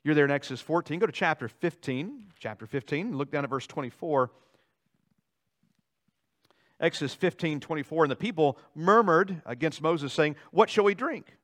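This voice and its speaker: A male pastor preaching a sermon in a church, animated, swinging between loud dramatic outbursts and quiet asides. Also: a little high, moderate pace. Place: church sanctuary.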